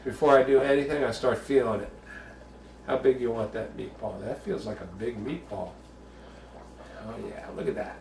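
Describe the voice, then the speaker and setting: Gravelly New man in a roomy kitchen. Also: mid-range voice, moderate pace, darkish tone, far from the mic, slight background noise. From the Bronx, New York. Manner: chatty, jokey storyteller, bawdy asides. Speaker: home cooking show host. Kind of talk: casual cooking demonstration.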